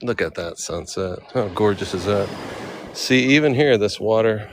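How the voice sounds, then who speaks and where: A man's voice: on the low side, expressive, normal speed, background noise. A man vlogging outdoors by a bay, exclaiming over the scenery as he looks for the ferry. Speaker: travel vlogger. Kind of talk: casual walking commentary.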